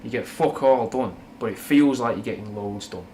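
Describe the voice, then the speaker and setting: This rambling young livestreamer from Manchester, England, takes viewers' questions in a frank, casual manner, swearing now and then and using British slang. His Mancunian accent carries a touch of Scouse, and his fairly low, slightly mellow voice moves at a moderate pace over faint humming ambient noise.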